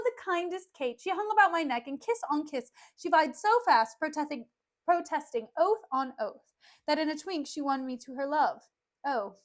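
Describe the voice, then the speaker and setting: A woman voicing a boastful, swaggering young male suitor, reading play lines in a theatrical, lowered mock-manly voice.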